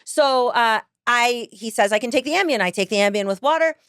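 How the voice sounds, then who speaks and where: A woman podcast host telling a personal story in casual chat, animated, laughing often and acting out other people's lines. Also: fairly high pitch, brisk, smooth, no room sound, studio quality.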